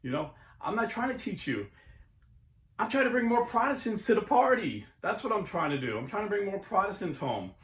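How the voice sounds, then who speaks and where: A man's voice: high voice, big pitch swings, a little fast, fairly bright tone. A middle-aged man hosting his channel, talking casually and earnestly, sometimes rising into preachy bursts. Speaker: YouTube host and Catholic convert. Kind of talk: casual monologue. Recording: echoey room.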